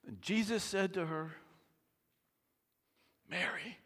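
Slow, high-voiced pastor in a reverberant hall. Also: male voice, pushed and bright. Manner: slow and deliberate, drops to near-whispers for emphasis. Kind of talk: sermon.

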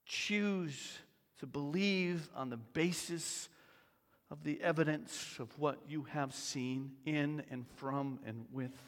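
Slow, high-voiced pastor in a reverberant hall. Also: male voice, fairly bright tone. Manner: slow and deliberate, drops to near-whispers for emphasis. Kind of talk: sermon.

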